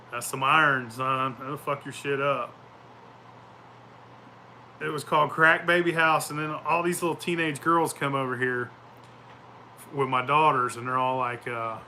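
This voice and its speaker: Man, casual vlogger, tense bright voice, swears a lot, rambles and laughs through his stories. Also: medium pitch, slight background noise. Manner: profane, rambling, laughing storyteller. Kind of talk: casual chat. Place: outdoors at home.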